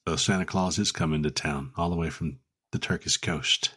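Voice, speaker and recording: A man's voice: a bass voice, steady tone, normal speed, pushed and bright, slightly rough. A man hosting a casual podcast, rambling and joking between ad plugs. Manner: rambling, jokey, reads ad plugs. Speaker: podcast host.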